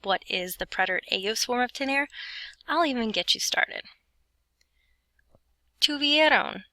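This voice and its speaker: A woman's voice: a little high, animated, unhurried, bright, forceful tone, no room sound, rough recording. A young adult woman giving a recorded Spanish lesson, explaining grammar in a chatty way with playful asides. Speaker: Spanish teacher. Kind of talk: recorded lesson narration over notes.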